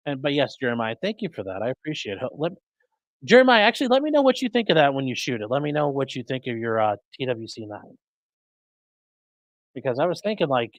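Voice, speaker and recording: A man's voice: mid-range voice, no room sound, low-quality recording. A man hosting a live stream, casually chatting and answering viewers' comments. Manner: chatty, rambling, fixing mic settings mid-stream. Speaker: livestream host reading chat. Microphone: streaming desk mic.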